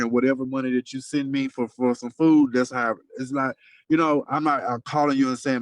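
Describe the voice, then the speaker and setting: With a medium-pitched, brisk voice and no echo, a man trades gossip with his best friend by phone, spinning lively stories packed with slang and profanity.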